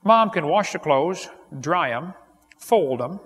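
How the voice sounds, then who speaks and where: A male evangelist preaching a sermon, an animated storyteller who laughs at his own jokes and appeals directly to the listener. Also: on the high side, takes it slowly, husky.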